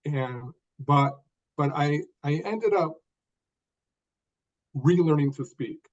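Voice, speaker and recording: Older guy on a podcast call, slightly high voice, talks in short punchy phrases, muffled lo-fi sound. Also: animated. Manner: speaks in short deliberate phrases with stressed words. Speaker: guest author. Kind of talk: podcast interview storytelling.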